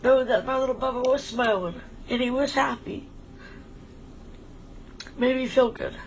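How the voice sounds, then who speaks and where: A woman's voice: sits high, moderate pace, a little hiss or hum, poor audio. A woman talking in a casual, heartfelt way on a stream, emotional and rambling as she thanks a friend. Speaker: livestream co-host.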